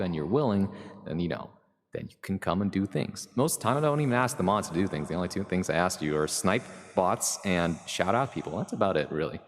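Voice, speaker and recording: A man hosting his own live stream, chatting casually and rambling through asides as he greets viewers and mods. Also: low voice. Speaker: livestream host. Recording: long reverb with music underneath.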